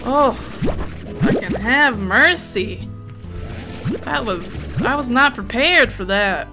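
A woman playing a video game and commentating, excitable and swearing heavily as she scolds the creatures. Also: fairly high pitch, slow. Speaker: let's play gamer. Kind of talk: let's play commentary. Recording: game music playing underneath.

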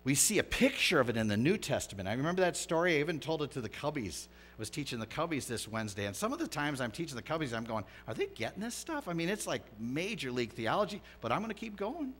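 A pastor delivering a conversational, animated sermon, swinging from hushed asides to loud emphatic lines. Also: male voice, fairly high pitch, fast, hardly any pauses, slight background noise. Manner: lively, conversational preaching with big swings in loudness.

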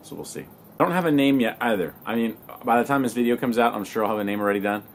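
A young man talking casually to his camera in a relaxed, slangy way, swearing now and then. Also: medium pitch, racing, slight background noise. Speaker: vlogger. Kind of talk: casual vlog talk to camera.

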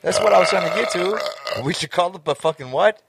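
A man's voice: high voice, fast, vocal fry, breathy edge, dry recording. A young man co-hosting a podcast in crude casual banter, laughing often and swearing, with a slight slur. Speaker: podcast co-host.

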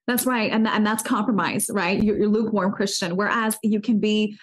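A woman's voice: medium pitch, steady tone, moderate pace. A woman who is the guest in an interview, talking earnestly in a preachy way and often restarting her sentences. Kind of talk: casual interview talk about faith.

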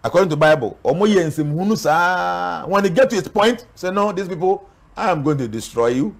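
A man's voice: high voice, animated, a little fast, gravelly. A man with a Ghanaian accent, a spiritual guest speaking earnestly in an interview, warning and preaching. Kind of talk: interview talk mixing Twi and English.

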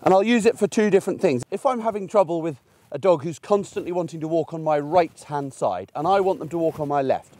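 A middle-aged man teaches a puppy outdoors, talking in a relaxed, chatty way. He leans on homely everyday examples to make each point. His voice sits a little higher than most men's. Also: brisk, dry recording. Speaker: gundog trainer. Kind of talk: outdoor training demonstration. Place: outdoors in a field by a fence.

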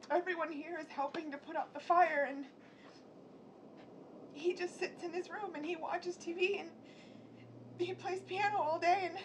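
An actress plays a young sister in despair, her voice pitched very high. She speaks in tearful, anguished bursts on a stage, with a faint hiss of noise behind her. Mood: bitter, distraught. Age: 20s. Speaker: stage actor. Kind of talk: live stage acting.

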